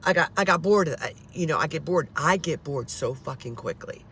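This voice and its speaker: A woman's voice: deep voice, lively intonation, normal speed, a bit bright, slight background noise. A woman in her fifties talking to her viewers in a casual, rambling vlog, frustrated and swearing, often restarting her sentences. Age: 50s. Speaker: paranormal vlogger. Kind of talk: casual rambling monologue to camera.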